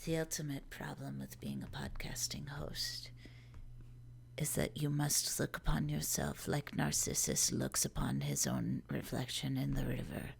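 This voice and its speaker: A woman's voice: a bass voice, sing-song, a little slow, gravelly, voice pushed down, full character voice. A woman whispering as a brooding philosopher narrator. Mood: hushed. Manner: hushed, mock-profound.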